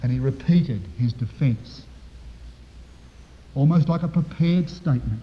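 A man preaching a sermon to his congregation, with dramatic, swelling emphasis and slow, drawn-out phrases. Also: medium pitch. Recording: dull echoey hall recording.

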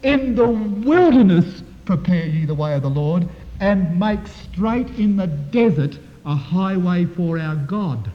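A man preaching a sermon, explaining Bible verses and often addressing his listeners as brethren and sisters, moving between quiet reflection and loud emphasis. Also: sits high, lively intonation, takes it slowly. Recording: dull, lo-fi recording in a reverberant hall.

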